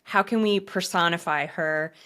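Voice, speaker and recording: Woman host, lowish voice, earnest and encouraging, casual podcast chat. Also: sharp tone, clear, resonant tone. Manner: earnest, encouraging, acts out inner thoughts in quick asides.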